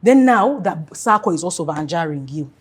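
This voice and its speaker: A woman financial coach giving earnest advice in an interview, telling animated stories. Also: lowish voice, normal speed, slightly rough.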